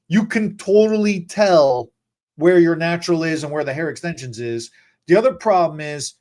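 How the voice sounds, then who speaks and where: A male podcast host with a voice that sits a bit high for a man. He chats casually and spins an anecdote, jumping into little impressions of the people in it. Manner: storytelling, animated, acts out quotes.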